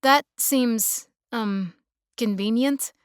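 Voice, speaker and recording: A woman's voice: a little high, extremely slow, clear, resonant tone, no room sound, clean studio sound. A woman voicing a stranded city woman who talks in a guarded, stiff, precise way. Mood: wary.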